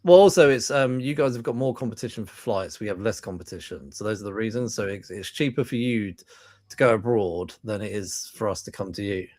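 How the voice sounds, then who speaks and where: A man's voice: fairly low pitch, fairly quick, darkish tone, no room sound. A chatty man with a London accent hosts a casual film podcast, laughing easily and tripping over his words. His voice is close and dry, with no room sound. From England. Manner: chatty, laughs often, many fillers and restarts. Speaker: podcast host.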